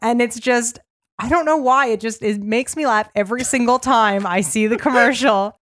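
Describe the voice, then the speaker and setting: A woman's voice: on the high side, moderate pace, a bit bright. A woman chatting enthusiastically and telling stories in a casual group conversation. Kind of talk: casual chat.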